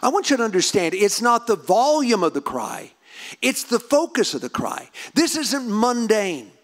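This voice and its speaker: A male pastor preaching a sermon, building to fervent, near-shouted emphasis. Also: high voice, big pitch swings, normal speed.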